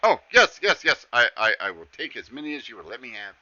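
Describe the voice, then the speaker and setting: A man voicing an eager, excitable male satyr who gushes and bargains. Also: on the low side, no echo. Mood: giddy. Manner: gushing, pleading, quick to bargain. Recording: dull lo-fi stream audio.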